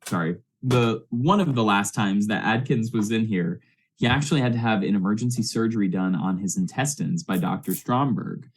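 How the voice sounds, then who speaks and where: A man's voice: lowish voice, normal speed. A man narrating as game master of a tabletop game, laid-back, with many fillers and restarts.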